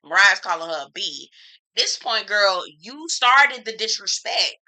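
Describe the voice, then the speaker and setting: A woman's voice: medium pitch, lively intonation, unhurried, bright, forceful tone, poor audio. A woman giving a casual, opinionated recap of a reality TV episode, talking frankly with slang and strong opinions. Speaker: TV reviewer.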